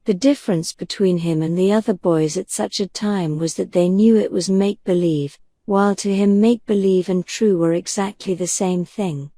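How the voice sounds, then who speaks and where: A woman narrating a bedtime storybook in a calm, gentle reading voice. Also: medium pitch, normal speed, few pauses, no echo. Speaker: audiobook narrator.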